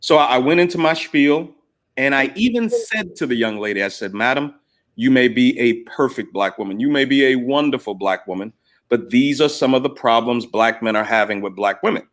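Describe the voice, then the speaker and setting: A middle-aged man telling stories in a casual chat, animated and acting out both sides of past arguments. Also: mid-range voice, brisk. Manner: animated, retells arguments in quoted voices. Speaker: podcast guest. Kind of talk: casual storytelling.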